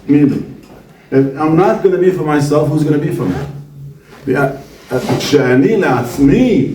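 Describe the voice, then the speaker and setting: Animated rabbi teaching in an echoey room. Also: male voice, a little high, recorded from a distance, slight background noise. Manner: animated, asks and answers his own questions. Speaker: visiting rabbi. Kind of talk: Torah talk to students. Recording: echoey room, speaker away from mic.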